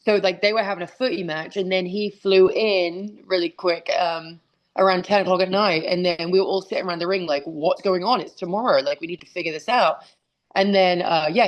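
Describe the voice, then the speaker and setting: A woman, a guest talking candidly and casually, full of fillers and restarts, over a video call. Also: fairly low pitch. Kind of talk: casual interview chat.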